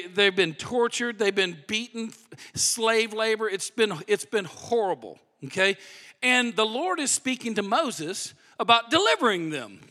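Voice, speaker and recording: A man preaching a sermon in a lively, animated way, dropping to hushed emphasis at times. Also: sits high. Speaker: pastor. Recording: long hall reverb.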